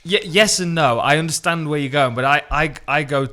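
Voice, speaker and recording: A man co-hosting a podcast in relaxed casual chat, self-deprecating and often repeating his words. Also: fairly high pitch, brisk. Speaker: podcast co-host.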